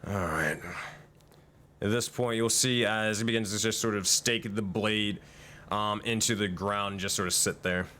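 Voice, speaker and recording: A man's voice: on the low side, fairly even intonation, moderate pace, sharp tone. A man running a tabletop game as game master, loose and profane, laughing often.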